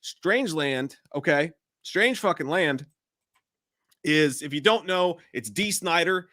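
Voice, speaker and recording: A man co-hosting a live movie show, chatting casually and swearing freely as he tells stories with excitement. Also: fairly high pitch, takes it slowly, no echo, clean studio sound. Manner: profane, excitable, animated storytelling. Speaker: podcast co-host. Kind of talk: casual live-stream banter.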